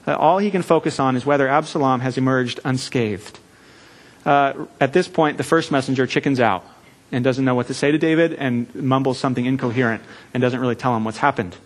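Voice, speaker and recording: A man preaching a sermon in a church, earnest and measured, with deliberate pauses. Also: medium pitch. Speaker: pastor.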